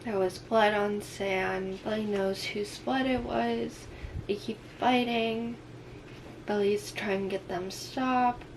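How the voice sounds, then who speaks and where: Slow-talking woman recapping a book. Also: medium pitch, steady tone. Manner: retells scenes in quotes, "she's like". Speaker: book reviewer. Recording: noisy background hiss.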